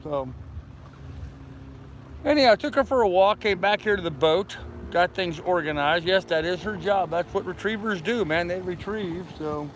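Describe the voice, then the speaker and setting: An older man chats to his camera from a boat in a marina, his voice a touch high for a man. He rambles easily and calls out greetings to neighbors passing by. Wind buffets the mic throughout. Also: moderate pace, low-quality recording. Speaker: vlogger. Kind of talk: casual chat to camera. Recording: wind noise outdoors by the water.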